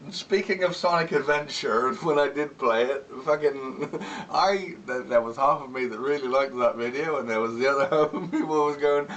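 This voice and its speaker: A man's voice: mid-range voice, fairly bright tone, far from the mic, slight background noise, low-quality recording. A man chatting casually in a vlog, rambling and candid, swearing often and laughing between remarks. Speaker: vlogger.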